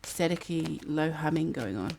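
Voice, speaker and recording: With a deep, expressive voice that is creaky and a little mellow, a New Zealand tarot reader chats at normal speed as she muses over the cards. She sings snatches of songs, and there's a little hiss or hum plus a fan humming in the background.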